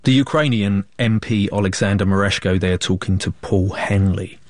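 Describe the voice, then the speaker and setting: A man presenting the news in a measured, formal read, introducing reports and interviews. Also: on the low side, no echo.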